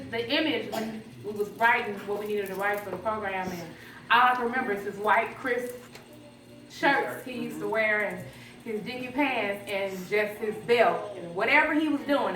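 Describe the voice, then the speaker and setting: A woman telling fond, gently humorous stories at her grandfather's funeral. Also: medium pitch, moderate pace. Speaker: granddaughter giving a eulogy. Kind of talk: emotional memorial speech. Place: church funeral service. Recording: echoey hall, distant mic, crowd.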